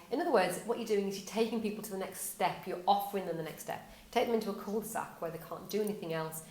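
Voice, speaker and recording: A woman giving a casual whiteboard explainer to camera, upbeat and conversational, asking rhetorical questions as she presents a marketing tip. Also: lowish voice. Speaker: estate agency owner presenting a marketing tip. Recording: echoey room.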